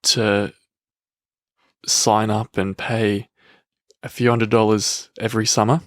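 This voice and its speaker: A man's voice: lowish voice, level tone, takes it slowly, fairly bright tone, no echo, studio quality. A man, co-hosting a podcast in casual banter, joking dryly and laughing at his own bits. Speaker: podcast co-host.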